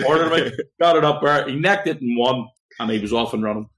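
A man's voice: medium pitch, quick pace, fairly bright tone. Chatty man telling stories. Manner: storytelling, chatty, with filler words. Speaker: podcast co-host. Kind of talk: casual chat.

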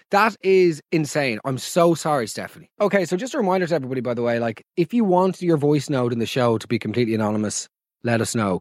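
A man hosting a comedy podcast, talking in an animated, sweary, mock-dramatic way. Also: a little high, dry recording, clean studio sound. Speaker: podcast host.

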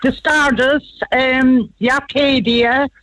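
A woman's voice: sits high, steady tone, slow pace, fairly bright tone, no room sound, poor audio. An older woman, chatting and laughing as a radio guest. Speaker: guest, wife. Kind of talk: casual chat.

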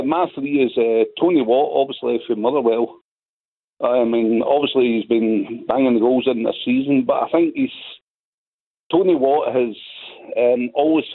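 A man's voice: medium pitch, breathy edge. A man calling into a radio show, hesitant and rambling. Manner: hesitant, rambling, many fillers. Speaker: caller. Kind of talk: phone-in call. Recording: tinny phone line.

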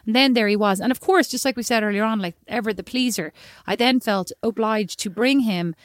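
An Irish woman co-hosts a chatty podcast, racing through her stories at a brisk clip. She is animated and self-mocking, and she slips into little voices when she quotes people. The sound is close and dry, with no room at all. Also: fairly high pitch, no room sound. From Ireland. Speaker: podcast co-host. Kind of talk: casual storytelling chat.

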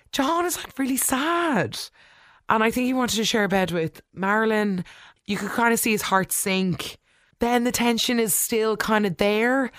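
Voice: mid-range voice, a bit bright, clean tone, dry recording, studio quality. A vlogger giving a casual, opinionated episode recap in a chatty way, often talking back to the characters. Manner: chatty, opinionated, full of "like" and asides. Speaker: soap opera recap vlogger.

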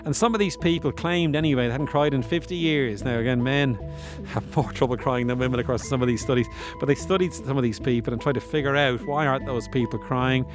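A man's voice: medium pitch, fast, over music. A man hosting a podcast, explaining science in a casual, musing way with self-deprecating asides. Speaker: podcast host.

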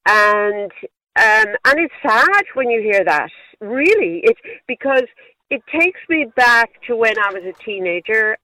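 A woman's voice: medium pitch, sharp tone, no room sound. Woman with a Wexford accent on a phone line. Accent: Wexford Irish. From Ireland. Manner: earnest, proud, laughs between phrases. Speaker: caller. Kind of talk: phone-in radio chat.

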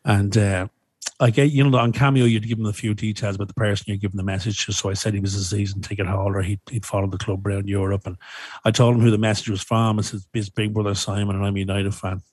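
Podcast guest: man, low and husky, animated storyteller, dry close sound. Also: fast, no echo. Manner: animated storytelling, swearing, laughing at himself. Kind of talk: casual chat.

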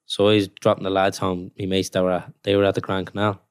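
A man's voice: sits low, completely flat delivery, quick pace, clear, resonant tone, no echo, studio quality. A young man, a professional footballer, telling stories in a rambling, casual way full of "like"s. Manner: rambling storytelling with many "like"s. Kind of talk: casual podcast chat.

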